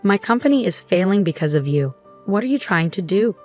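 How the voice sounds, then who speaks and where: A woman's voice: mid-range voice, expressive, brisk, darkish tone, soft background music, close to an everyday voice. A woman voicing a bitter, desperate husband in a narrated story. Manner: bitter, accusing.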